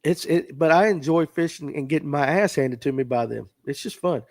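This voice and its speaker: A man's voice: on the high side, brisk. A man hosting a fishing podcast livestream, chatting casually and reading out viewer comments in a folksy way. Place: tackle shop.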